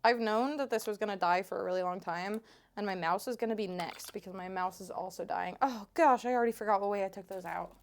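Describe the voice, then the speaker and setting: A fast-talking woman with a medium-pitched voice streams from home, chatting into her desk microphone. Her talk with viewers is casual and teasingly playful, full of frequent laughter.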